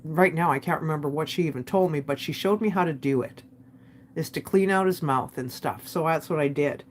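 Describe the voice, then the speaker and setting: A woman with a somewhat low voice recounts a personal family story straight to the camera. She talks candidly, scattering "like" through her sentences and acting out what each person said. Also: brisk, a little hiss or hum. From Canada. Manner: candid, emotional retelling with many "like"s. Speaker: vlogger.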